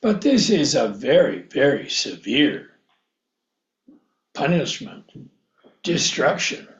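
A man preaching a sermon, reading scripture aloud and acting out biblical characters in a slow, deliberate way. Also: mid-range voice, very animated. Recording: echoey room, dull lo-fi sound.

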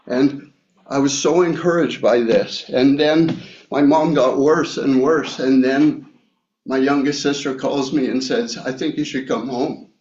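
A man preaching a sermon, reading scripture and sharing a personal story in a reflective way with many pauses and fillers. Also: medium pitch, fairly even intonation, darkish tone, slight background noise. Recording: echoey room, slightly dull sound.

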